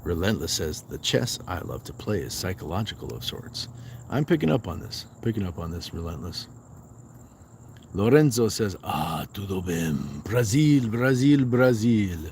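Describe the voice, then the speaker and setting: A man's voice: on the low side, big pitch swings, moderate pace, a little mellow, a little hiss or hum. A man hosting a fitness livestream, chatting casually outdoors at night while resting on a walk and reading viewer comments aloud.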